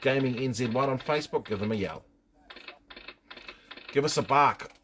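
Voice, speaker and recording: A man's voice: mid-range voice, normal speed, fairly bright tone, slight background noise. A middle-aged man with a New Zealand accent hosting a casual live stream, joking, swearing and reading out viewers' names.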